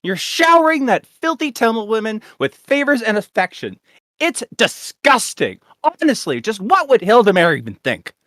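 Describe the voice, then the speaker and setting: A hot-headed young nobleman, played by a woman reading a fan story aloud, shouts his arrogant outrage. His voice is high and swings wildly. The sound is dry and close. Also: very animated, moderate pace, no echo. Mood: indignant ranting.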